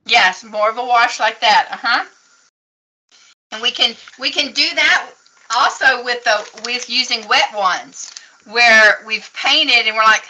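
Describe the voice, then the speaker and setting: A woman's voice: fairly high pitch, unhurried, sharp tone, poor audio. A woman teaching a casual painting lesson at a craft table, chatty and encouraging as she explains each step. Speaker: craft instructor.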